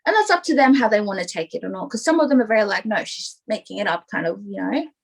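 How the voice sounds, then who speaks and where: A woman's voice: mid-range voice, sing-song, rapid-fire, gravelly, low-quality recording. A young adult woman talking openly as a podcast guest, rambling and filling her talk with "like" and "you know". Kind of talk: casual interview chat.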